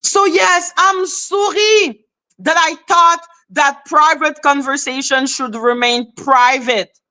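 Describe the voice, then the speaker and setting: A woman hosting a commentary channel, ranting bluntly in a heated, profane, animated casual style. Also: high voice. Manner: blunt, profane, animated, rapid repeated questions.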